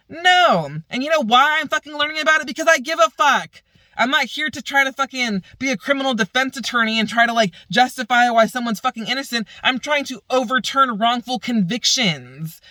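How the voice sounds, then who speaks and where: A woman's voice: a little high, fairly quick, bright, forceful tone, dry recording. Exasperated cursing woman ranting. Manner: exasperated, heavy profanity, repetitive emphasis. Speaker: vlogger and law student. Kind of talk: ranting vlog. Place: outdoors, by a path.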